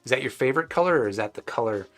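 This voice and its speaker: A man's voice: mid-range voice, expressive, very fast, fairly bright tone, soft background music. A man hosting a live stream, casually answering viewers' chat questions with loose, rambling talk full of fillers and restarts.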